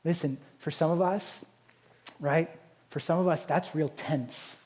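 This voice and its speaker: A pastor preaching a conversational sermon, often checking in with "right?". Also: male voice, a little high, steady tone, a little slow, a little mellow, breathy edge, low-quality recording. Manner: conversational, keeps asking "right?".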